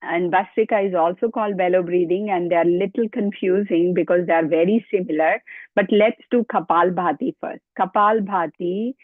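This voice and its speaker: A woman's voice: fairly low pitch, moderate pace, no room sound. A woman leading a yoga lesson, counting out repetitions and giving step-by-step cues, sometimes out of breath. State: out of breath at times. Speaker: yoga instructor. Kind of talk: guided exercise instruction. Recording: tinny phone-like dry sound.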